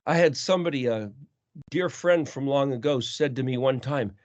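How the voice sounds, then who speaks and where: A man's voice: medium pitch, moderate pace, a little mellow. A man teaching scripture in an earnest way, asking many rhetorical questions. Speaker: teacher of a scripture study call. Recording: dull lo-fi sound.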